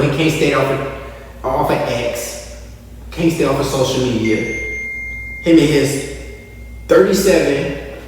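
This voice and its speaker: A man hosting a casual sports podcast, animated and mocking, putting on voices of players and coaches. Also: medium pitch. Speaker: podcast host. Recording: echoey room, voice from a distance.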